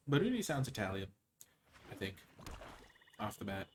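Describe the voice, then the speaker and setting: A man streaming a card game, talking low-key and joking, then breaking into loud theatrical cheers. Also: big pitch swings, moderate pace, pauses often, slight background noise. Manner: playful, jokey asides. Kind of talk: live game-stream commentary.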